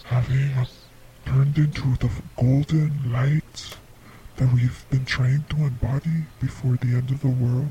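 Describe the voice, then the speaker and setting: A man hosting a comedic call-in bit, speaking in a slow, deadpan, mock-solemn way. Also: medium pitch, slight background noise. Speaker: host.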